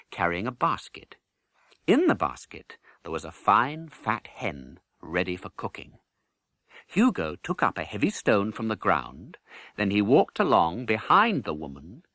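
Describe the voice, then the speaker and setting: A man narrating a children's audiobook in an animated, expressive way. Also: fairly low pitch, dry recording, clean studio sound. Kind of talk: storybook narration.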